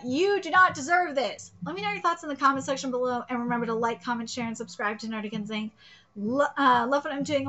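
High, bright-voiced woman ranting bluntly. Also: poor audio. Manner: blunt, profane, emphatic ranting; repeats herself for emphasis. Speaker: streamer, channel host. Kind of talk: live manga reaction.

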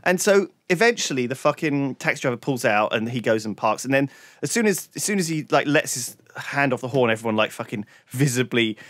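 A man's voice: medium pitch, expressive, a little fast, a bit bright, dry recording. A man co-hosting a podcast, telling a long story in casual chat and swearing freely. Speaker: podcast co-host.

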